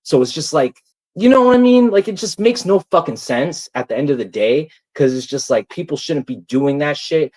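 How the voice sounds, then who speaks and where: A man's voice: medium pitch, a little mellow, low-quality recording. A man ranting in casual talk, packed with "like" fillers and swearing, and stressed. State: stressed, subdued. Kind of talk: casual livestream rant.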